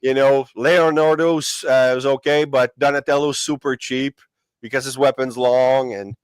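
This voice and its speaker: A man's voice: mid-range voice, fairly even intonation, a little slow, smooth, no room sound. A man hosting a casual livestream chat, rambling and restarting his sentences with lots of fillers. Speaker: host of a collectibles channel livestream.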